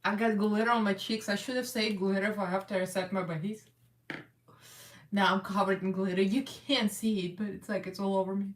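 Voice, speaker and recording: A Russian American makeup livestream host speaks briskly, her medium-pitched voice fairly even in intonation. She chats and rambles through the casual session, laughing often as she works. The room is echoey, and she's a little distant from the mic.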